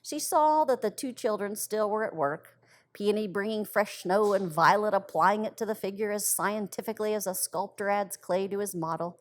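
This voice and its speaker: A woman reads a story aloud in an expressive, gentle storybook voice. Her pitch sits in a middle range for a woman, with even pacing through long sentences. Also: normal speed. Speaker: library storyteller.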